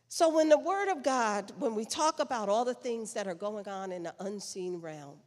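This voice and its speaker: A woman's voice: mid-range voice, darkish tone, in a large hall. A woman pastor preaching a sermon, repeating phrases and building in intensity. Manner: preaching with rising intensity and repetition. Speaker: senior pastor. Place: church sanctuary.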